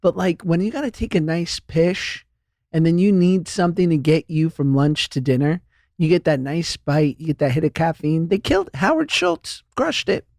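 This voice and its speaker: A man's voice: on the high side, lively intonation, moderate pace, vocal fry, darkish tone, dry recording, clean studio sound. A man hosting a podcast in casual chat, playful and rambling with lots of fillers. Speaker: podcast host.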